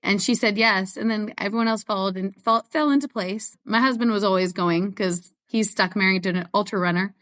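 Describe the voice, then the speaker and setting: A woman's voice: mid-range voice, fairly quick, few pauses, a bit bright. A woman who is a guest on an interview show, telling stories in a chatty way and laughing often. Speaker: guest ultrarunner. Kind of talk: casual interview chat.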